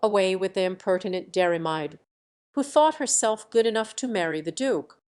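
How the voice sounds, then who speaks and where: A band of young pages from a fairy tale, jeering and shouting as they chase a girl out of town, voiced by a woman reading aloud. Their lines sound mocking and rowdy. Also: medium pitch, normal speed, smooth, close to an everyday voice.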